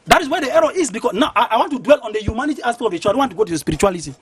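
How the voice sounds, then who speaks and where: A man's voice: very high voice, animated, racing, husky, no echo. A man, a pastor arguing as a guest in a heated panel debate, insistent and repeating words to hold the floor.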